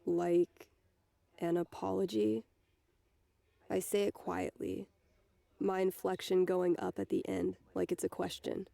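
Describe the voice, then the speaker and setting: Gravelly low-voiced woman reading a novel. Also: level tone, moderate pace, warm tone, no echo. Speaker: reader.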